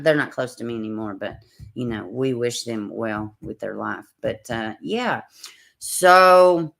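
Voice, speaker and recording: A woman hosting a casual true crime livestream, talking bluntly with swearing, and greeting chat viewers by name between indignant remarks. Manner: indignant, swings between loud outbursts and low mutters.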